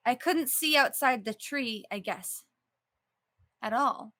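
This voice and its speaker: Playful female player, high bright voice. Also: slow, no room sound, studio quality. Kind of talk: in-character tabletop play.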